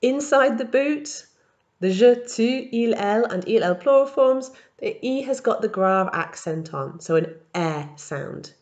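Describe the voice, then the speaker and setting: A woman teaching in a recorded language tutorial, explaining verb patterns step by step and modelling each form slowly. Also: on the high side, lively intonation, a little mellow. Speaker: French teacher.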